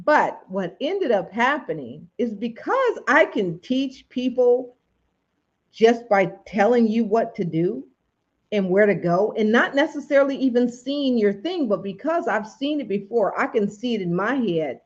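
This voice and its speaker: A woman's voice: a little high, animated, a little slow, highs cut off. A woman hosting a livestream, chatting casually and encouraging viewers, often repeating phrases. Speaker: livestream host and coach. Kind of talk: casual motivational livestream chat.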